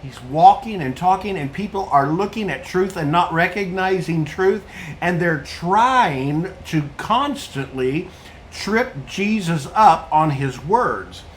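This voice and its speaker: A man with a fairly high voice preaches an earnest sermon to viewers watching online. He comes back to his points and asks rhetorical questions as he builds his message. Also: expressive, takes it slowly, slight background noise.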